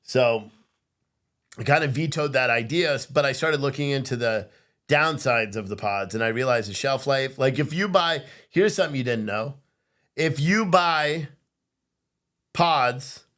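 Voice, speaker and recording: A man's voice: mid-range voice, bright, forceful tone. A tired man hosting a casual livestream, reading viewer comments aloud and joking with plenty of swearing. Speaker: livestream host selling coffee. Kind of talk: casual live-chat commentary.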